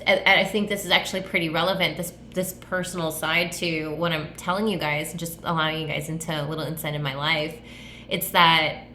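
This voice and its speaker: Woman, podcast host, casual monologue, rambling, effusive, lots of fillers, bright tone, echoey room. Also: on the low side, a little hiss or hum. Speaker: podcast host, tattoo artist and coach.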